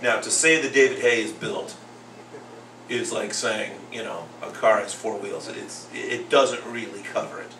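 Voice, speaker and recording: A man's voice: lowish voice, moderate pace. A man hosting a casual boxing talk show, telling stories and acting out what others said. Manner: animated storyteller, acts out quotes. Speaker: podcast host and second grade teacher. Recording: roomy echo, far from the mic, faint noise.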